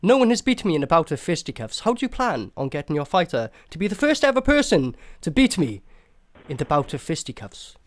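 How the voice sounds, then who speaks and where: A man making a comedic prank phone call, talking in an exaggeratedly polite, mock-formal gentleman manner. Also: fairly high pitch, very animated, fairly quick. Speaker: prank caller.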